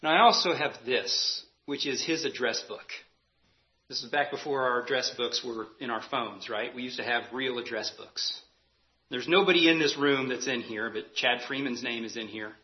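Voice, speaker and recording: A man's voice: medium pitch, moderate pace, highs cut off. A man preaching a sermon as pastor, earnest and emphatic, repeating key phrases for weight.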